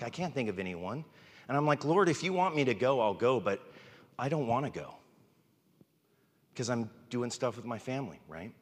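A man's voice: mid-range voice, a bit bright, big-room sound. A man preaching a sermon, earnest and emotional, close to tears. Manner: earnest, emotional, tearful at times. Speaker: pastor.

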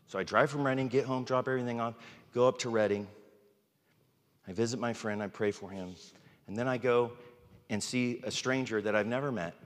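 A man's voice: mid-range voice, fairly quick, pauses often. Earnest man preaching in a reverberant hall. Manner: earnest, emotional, tearful at times. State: emotional, near tears. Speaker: pastor. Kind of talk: sermon.

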